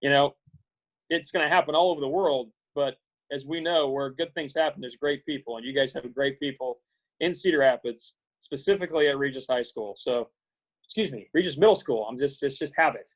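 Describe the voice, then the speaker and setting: A man in his forties from Iowa, giving an earnest, halting pep talk to students on a video call, with many fillers and restarts. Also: medium pitch, low-quality recording. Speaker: guest speaker.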